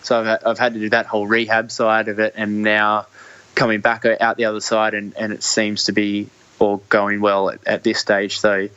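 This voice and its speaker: Australian athlete, young man, low monotone delivery, halting with fillers, dull lo-fi audio. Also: clear, resonant tone. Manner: hesitant, many restarts and fillers. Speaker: guest, Olympic triathlete. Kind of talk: casual interview chat.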